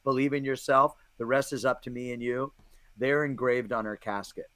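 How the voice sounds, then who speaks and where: A man's voice: mid-range voice, fairly even intonation, bright, forceful tone, dry recording. A man co-hosting a podcast, sharing music facts in a casual way. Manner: brisk, fact-sharing.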